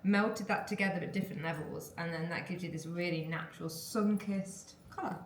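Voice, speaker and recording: A friendly woman hairdresser explains what she did in an easy, relaxed way. Her voice rings a little in an echoey salon room, with faint noise behind. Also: on the low side, brisk. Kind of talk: casual chat.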